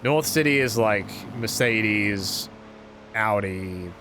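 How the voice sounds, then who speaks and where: A man's voice: fairly low pitch, slow, sharp tone, slight background noise. A man streaming a racing game, talking to himself in a sarcastic, self-deprecating way. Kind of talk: casual gameplay commentary.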